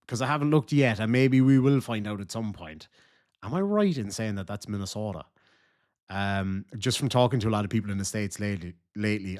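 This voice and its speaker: An Irish man hosting a reaction video, commenting casually in a chatty, rambling way and often correcting himself. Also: on the low side.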